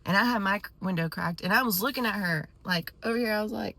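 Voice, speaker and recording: A woman vlogger telling a story to her viewers in a casual, animated way with quick asides. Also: mid-range voice, no echo.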